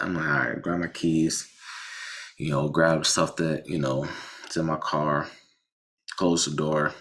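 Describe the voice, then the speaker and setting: Deep-voiced man telling a crash story. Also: unhurried, pauses often. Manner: animated, swearing, frequent restarts and "I'm like" asides. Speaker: faith vlogger telling a personal story. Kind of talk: casual storytelling.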